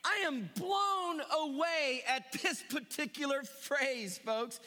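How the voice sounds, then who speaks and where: A male pastor preaching a sermon, swinging between quiet asides and shouted emphasis. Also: very high voice, slow, in a large hall.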